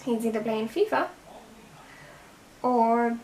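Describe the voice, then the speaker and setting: A young Irish woman vlogging as she does her makeup, rambling and chatty, sometimes dropping into soft half-whispers. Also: fairly high pitch, takes it slowly, soft background music. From Ireland. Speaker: beauty vlogger. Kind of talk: chatty get-ready-with-me vlog. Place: home room.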